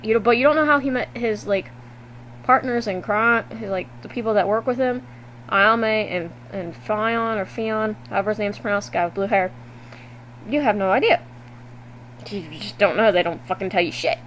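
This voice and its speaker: A woman vlogging to her webcam at home, recapping a video game in a loose, animated way and swearing freely. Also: medium pitch, normal speed, slight background noise, low-quality recording. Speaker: gaming vlogger. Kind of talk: casual game recap to camera.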